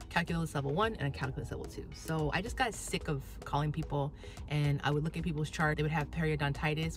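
A young woman and dental hygiene student vlogging casually from her car into a phone mic, rambling and swearing freely. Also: low voice. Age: young adult. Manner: chatty and rambling, ranting and swearing when angry. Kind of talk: casual vlog, talking while driving. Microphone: phone with plug-in mic.

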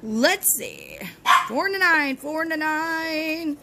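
A woman's voice: high voice, wildly swooping pitch, slow pace, creaky, heavy background noise. A woman hosting a scratch-off lottery video from home, chatting cheerfully to her viewers and chanting encouragement as she scratches. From Texas. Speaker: host of a lottery scratch-off channel. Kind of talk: casual chat to viewers while scratching tickets. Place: at home, with dogs nearby.

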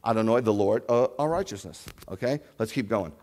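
A man preaching a sermon as a rabbi, animated, with rhetorical questions and loud scripture reading. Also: fairly low pitch, brisk, few pauses, big-room sound. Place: congregation sanctuary.

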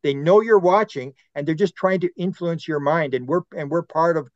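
A man talking as a podcast guest, rambling and animated as he tells stories and acts out quotes. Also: on the high side, moderate pace, dry recording, lo-fi sound. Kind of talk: podcast conversation.

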